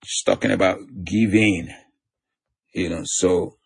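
Male preacher, gravelly husky voice, teaching scripture in a sermon with easy asides. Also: sits low, steady tone, slow pace. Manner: reads scripture aloud, chuckles between points.

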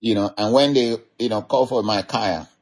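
A man's voice: on the low side, moderate pace, slightly rough. A man giving an informal sermon, retelling a Bible story in a rambling, conversational way full of "you know". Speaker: preacher.

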